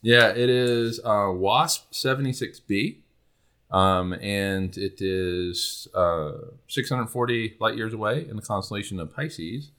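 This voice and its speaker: Bright-voiced man hosting a podcast. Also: on the low side, slow. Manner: rambling, many fillers, laughs easily. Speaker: podcast host. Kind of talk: casual astronomy podcast chat.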